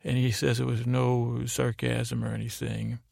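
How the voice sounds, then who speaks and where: A man drifts through a bedtime recap in a low-key, meandering way, stopping often for ums and restarts. His voice is thick with gravelly fry and stays flat in pitch. The sound is dry and close. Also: no room sound. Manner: meandering and slow, with frequent ums and trailing restarts. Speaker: sleep podcast host. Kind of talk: rambling bedtime recap of a TV episode.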